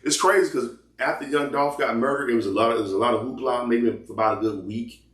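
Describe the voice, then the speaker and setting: A man's voice: mid-range voice, fast, fairly bright tone, echoey room. A man hosting casual commentary, talking loosely with lots of restarts. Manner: loose rambling talk with repeated restarts. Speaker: commentary host.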